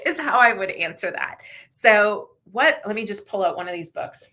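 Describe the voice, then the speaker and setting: A woman hosting a casual livestream, chatty and quick to laugh, who answers viewer questions and reads passages aloud to show how to narrate. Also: medium pitch, bright, forceful tone. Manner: chatty, laughs often, demonstrates slow audiobook reading. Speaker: livestream host.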